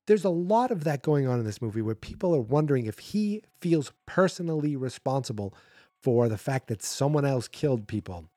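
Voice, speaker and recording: A man's voice: medium pitch, lively intonation, fairly quick, mellow, dry recording, studio quality. Sarcastic, rambling male podcast host. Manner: sarcastic, rambling, acts out character quotes. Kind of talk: casual movie recap.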